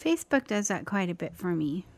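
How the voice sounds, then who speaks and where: A woman's voice: lowish voice, very animated, brisk, dry recording. A middle-aged woman co-hosting a podcast, chatting casually in a dry, matter-of-fact way. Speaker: podcast co-host. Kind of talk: casual chat.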